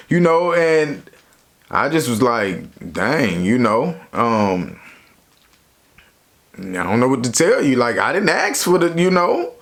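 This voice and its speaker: A young man casually telling a story from his own life to his viewers, in a slangy, relaxed way. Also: a little high, creaky. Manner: slangy, relaxed, lots of "you know". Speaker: YouTuber.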